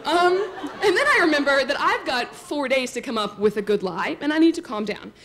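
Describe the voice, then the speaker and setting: A woman's voice: high voice, expressive, brisk, fairly bright tone. Self-mocking woman telling a story on stage. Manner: chatty and self-mocking, many likes and asides to the crowd. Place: storytelling stage before an audience.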